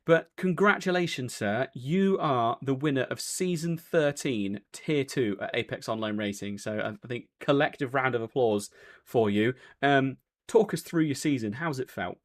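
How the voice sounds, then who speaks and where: A man's voice: medium pitch, lively intonation, moderate pace. Guy hosting a sim race interview, rambly, lots of ums and restarts. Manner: chatty and rambling, many fillers and self-corrections. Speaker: race broadcast host.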